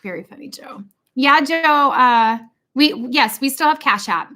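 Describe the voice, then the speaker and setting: Animated lady hosting a live chat from home, kinda high voice, bright and punchy, always joking. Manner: animated and jokey, quick to slip into funny voices. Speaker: livestream host. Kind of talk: casual livestream chat. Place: home livestream.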